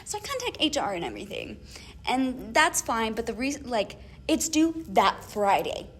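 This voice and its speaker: A young woman co-hosting a casual chat podcast, telling an animated story with lots of laughs and acted-out emails. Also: on the high side, normal speed, husky. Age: young adult. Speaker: podcast co-host.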